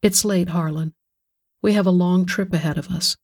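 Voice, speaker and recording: Give me a narrator playing a nervous wife, polite and softly evasive. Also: female voice, on the low side, fairly even intonation, moderate pace. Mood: anxious. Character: tense, nervous wife eager to get away.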